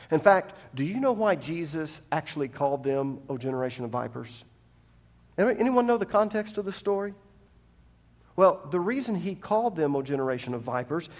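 Here a man preaches a sermon in a mid-range voice, shifting from soft instruction to fervent, loud delivery while questioning his congregation.

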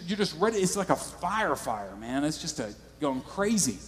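A man's voice: on the high side, animated, normal speed, hardly any pauses. Man preaching a sermon in a reverberant hall. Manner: conversational, storytelling preaching. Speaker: pastor.

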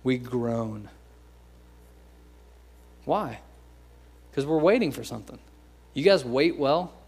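Joking young American pastor preaching. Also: male voice, a little high, animated, a little slow, a little mellow, husky. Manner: conversational and joking, acts out quoted voices. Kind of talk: sermon.

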